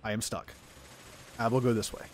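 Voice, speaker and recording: A gaming streamer with a lowish, fairly flat voice talks briskly over soft background music. He chats casually through a let's-play, rambling and making fun of himself as he plays.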